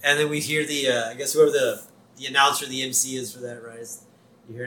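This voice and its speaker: A man's voice: mid-range voice, fairly even intonation, sharp tone, roomy sound. A man casually recapping a cartoon episode as a podcast co-host, acting out quotes as he goes. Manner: retells scenes with quick acted-out quotes.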